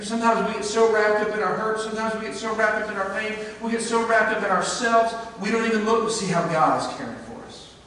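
A man preaching a sermon, telling a story in an earnest way, dropping to a hush and then rising to emphasis. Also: high-pitched, a little hiss or hum. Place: church sanctuary. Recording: echoey church hall, mic at a distance.

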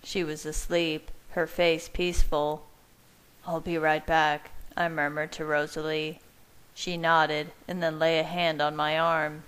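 A woman reading fan fiction aloud in a measured, even first-person narration. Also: deep voice, smooth, poor audio.

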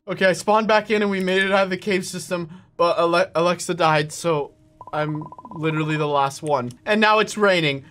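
A man hosting a gaming channel, giving energetic gameplay commentary and yelping and shouting at every surprise. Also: fairly high pitch, brisk, slight background noise. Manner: excitable, yelps and shouts at surprises. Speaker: gaming YouTuber host.

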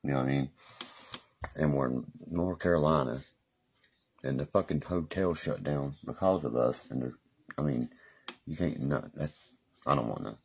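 A man's voice: very deep voice, moderate pace, pauses often, darkish tone, breathy edge. A man rambling profanely and boastfully through stories on a live stream. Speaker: livestreamer.

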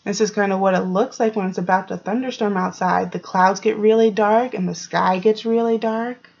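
A woman teacher reading a storybook aloud to young children, gently explaining and asking them questions, in a dull lo-fi recording. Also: mid-range voice, fairly even intonation, moderate pace, gravelly, slightly rough.

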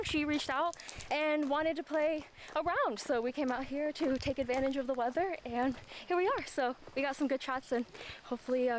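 A woman's voice: high voice, a little hiss or hum. A young woman chatting casually to camera in a vlog, upbeat and full of "like". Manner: chatty, upbeat, says "like" often. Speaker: vlogger and disc golfer.

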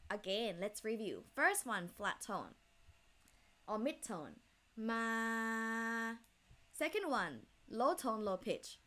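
A woman's voice: medium pitch, sing-song, slow, a bit bright. A woman with a Thai accent teaching a language lesson step by step, demonstrating tones by drawing out single syllables.

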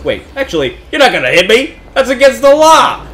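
A young man giving jokey, self-mocking let's-play commentary on a horror game, yelping and shouting at the scares. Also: high-pitched, very animated, quick pace, few pauses, a little hiss or hum. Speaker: gaming YouTuber.

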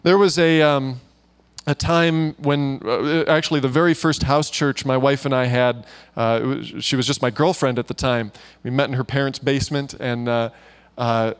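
Serving as guest preacher at a church gathering, a man weaves stories into a chatty, informal sermon full of fillers and side remarks. He speaks at normal speed in a steady, mid-range voice that is clear and resonant.

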